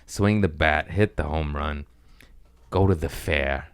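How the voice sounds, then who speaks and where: A man's voice: rumbling low, takes it slowly, clear, resonant tone, no echo. A man hosting a casual comedy podcast, rambling in a profane, self-mocking way. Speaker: podcast host. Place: at home, gardeners working outside.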